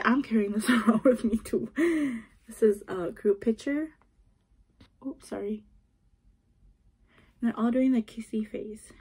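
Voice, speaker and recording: Giggly woman unboxing, husky voice. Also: on the high side, unhurried, darkish tone. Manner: gushing, giggly, often drops to a whisper. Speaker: vlogger unboxing an album. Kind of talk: casual chat to camera. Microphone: phone.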